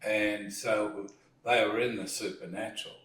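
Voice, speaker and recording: Man, slow steady storytelling, dining-table chat, roomy echo, set back from the mic. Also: on the low side, far from the mic. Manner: slow storytelling, retells scenes with acted lines. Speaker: discussion leader.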